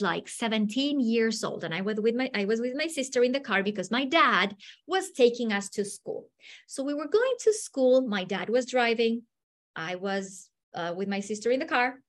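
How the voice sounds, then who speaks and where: A woman who gives a storytelling lecture to teachers and acts out the people in her stories. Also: a little high. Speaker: teacher trainer.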